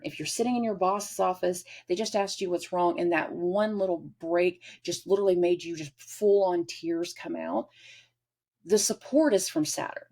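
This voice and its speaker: A woman with a husky, somewhat low voice talks through a casual astrology forecast. She is animated and slips into little acted-out scenes as she explains. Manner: animated, acts out everyday scenes. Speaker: astrology channel host.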